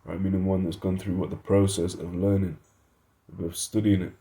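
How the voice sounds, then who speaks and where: Deep-voiced man teaching a Bible study. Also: level tone, moderate pace, mellow. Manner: thinking aloud, reads verses and definitions, self-correcting. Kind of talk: informal Bible study lesson.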